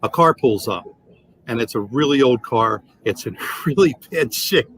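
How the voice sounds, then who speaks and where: A man in his sixties, a sales trainer, telling animated anecdotes and acting out the dialogue in a podcast interview. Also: medium pitch, normal speed, slight background noise, poor audio. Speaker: guest, automotive sales trainer.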